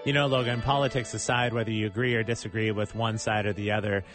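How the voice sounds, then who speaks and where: A man's voice: lowish voice, little pitch movement, fast talker, music in the background. A man hosting a morning radio show, chatty and friendly, announcing segments and bantering with a guest.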